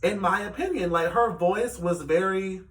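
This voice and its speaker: A man giving a casual, animated recap of a reality show, with plenty of fillers as he retells the scenes. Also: high-pitched, moderate pace. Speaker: reality TV reviewer. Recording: echoey room, distant mic.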